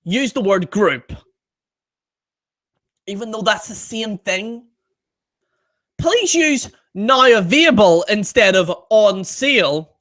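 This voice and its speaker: Brit guy with a high voice ranting on a stream, bright tone, swings all over the place, slow and drawn out. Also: animated. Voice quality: high-pitched. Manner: exasperated and incredulous. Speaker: live-stream host. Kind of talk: ranting live-stream chat.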